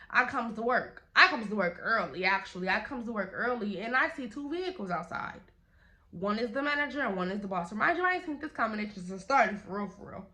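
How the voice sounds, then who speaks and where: A young woman, telling a casual storytime vlog in an animated, slangy way, acting out the quotes. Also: medium pitch. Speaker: vlogger.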